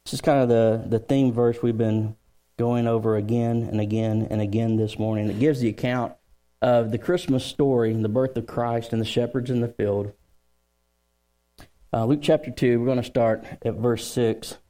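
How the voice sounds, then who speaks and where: A man's voice: mid-range voice, normal speed. A man preaching a sermon in church as pastor, joking with the crowd and telling family stories before turning to scripture. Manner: joking, storytelling, lively crowd work.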